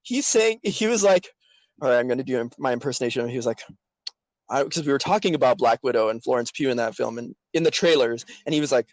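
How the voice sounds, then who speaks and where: A man hosting a podcast in casual chat, animated and teasing, laughing often. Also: medium pitch, fast, no echo. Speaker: podcast host.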